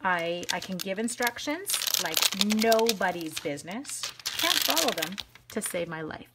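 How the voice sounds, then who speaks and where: A woman's voice: mid-range voice, sing-song, measured pace, very noisy. A woman demonstrating card stamping live, talking each step through in a chatty, bubbly way and addressing viewers by name. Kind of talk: casual live crafting demo.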